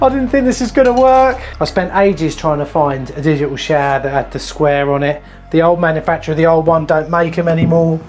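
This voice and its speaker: Plumber guy, chatty and jokey, vlogging a job indoors, music playing behind. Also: fairly high pitch. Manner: chatty, jokey, talks to the viewers as he works. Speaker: plumber and channel host. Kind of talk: casual DIY vlog chat. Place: house interior and loft.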